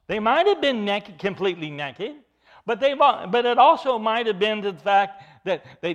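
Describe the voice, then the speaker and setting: A man's voice: high-pitched, animated, measured pace, a bit bright, dull audio. A man preaching an expository sermon as pastor, earnest and emphatic, often repeating and restarting his phrases.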